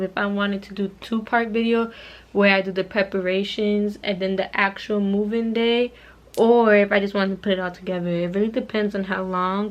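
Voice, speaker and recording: A woman's voice: mid-range voice, lo-fi sound. A young adult woman chatting casually to her viewers in a vlog, rambling and addressing them as y'all, from her bedroom. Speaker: vlogger.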